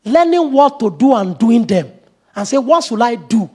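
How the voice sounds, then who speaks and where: A middle-aged man, a pastor, preaching an animated sermon, acting out quoted voices and laughing often. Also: very high voice, moderate pace.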